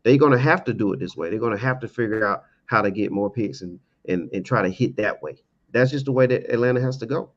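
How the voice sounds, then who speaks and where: Halting low-voiced man on sports talk. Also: muffled recording. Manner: halting, repeats words, many uh fillers. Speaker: sports show host. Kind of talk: casual sports debate.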